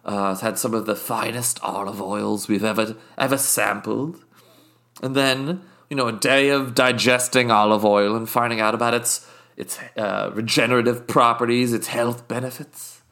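A man's voice: medium pitch, fairly even intonation, normal speed, fairly bright tone, close to an everyday voice. A man voicing a pompous, wealthy British podcast guest with a put-on British accent, talking in a haughty, rambling, condescending way. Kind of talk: improvised comedy character.

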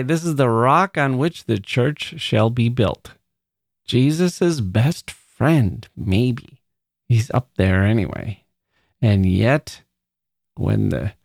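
A man hosting a podcast, reading a poem aloud slowly and musing over each line. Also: medium pitch, creaky, no echo, studio quality. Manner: slow, musing, reads quotations aloud. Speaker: podcast host.

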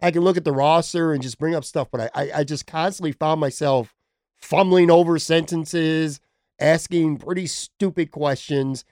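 Man, podcast host, rambling casual talk, slightly high voice, dry sound. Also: fairly even intonation, normal speed, darkish tone, no room sound. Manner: rambling, self-deprecating, swears casually. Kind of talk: casual chat. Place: temporary attic room.

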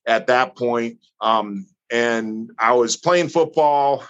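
Man from Missouri, animated storyteller, casual chat, medium pitch. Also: slow pace, muffled recording. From northern Missouri. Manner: animated storyteller who acts out quotes. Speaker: guest.

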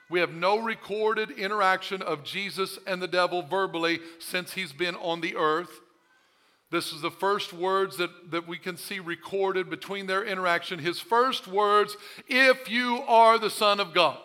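A man's voice: on the high side, pushed and bright. A male pastor preaching a sermon, emphatic and full of rhetorical questions.

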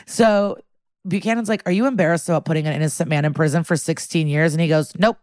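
A woman co-hosts a casual podcast in a low, dry-sounding voice. She retells TV scenes in quick bursts, quoting the characters as she goes. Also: fairly even intonation, darkish tone, dry recording. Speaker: podcast co-host. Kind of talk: casual recap chat.

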